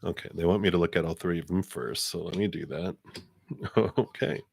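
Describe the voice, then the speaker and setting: A man's voice: brisk, vocal fry, slightly rough, no echo, studio quality. A man doing a live tarot card reading, chatty and laughing often. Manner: chatty, laughs often, voices guides with sassy high "girl".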